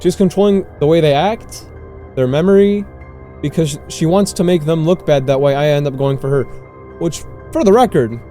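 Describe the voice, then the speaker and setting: An excitable gaming streamer who shouts out his reactions while playing a horror game for the first time. His voice sits a little high with a mellow tone, and faint music plays behind him. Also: normal speed.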